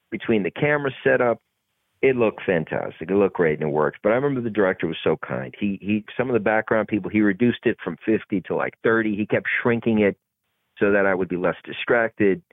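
A man, an actor, telling a story in a casual interview, animated and acting out the voices of others. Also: medium pitch, dry recording. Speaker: actor guest. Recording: tinny phone-like podcast audio.

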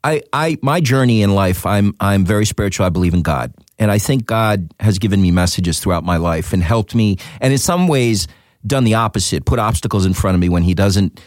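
A man, an actor, telling a story in a casual interview, animated and repeating words as he goes. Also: fairly quick, dry recording, studio quality. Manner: animated, jumps up in pitch acting out quotes, repeats words. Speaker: actor guest.

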